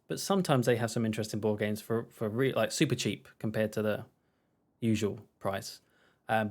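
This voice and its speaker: A man's voice: medium pitch, darkish tone. A man casually chatting and rambling while streaming a game. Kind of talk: casual let's-play commentary.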